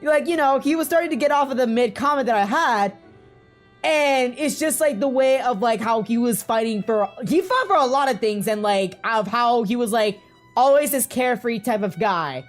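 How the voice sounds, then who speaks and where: A woman's voice: fairly high pitch, animated, normal speed, soft background music. A woman co-hosting a casual fan discussion, talking in an emotional, gushing way and rambling with lots of fillers. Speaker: podcast co-host.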